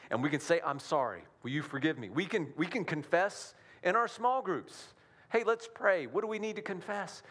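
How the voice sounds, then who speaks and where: A man's voice: medium pitch, a bit bright. Conversational male pastor preaching. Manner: conversational preaching with rhetorical questions. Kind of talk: sermon.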